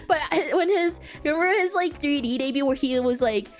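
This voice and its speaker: A woman's voice: high-pitched, expressive, moderate pace, soft background music. A woman chatting casually as a streamer, rambling with lots of fillers and restarts, giggling often and apologizing for mispronouncing names. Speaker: streamer answering viewer questions. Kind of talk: casual chat.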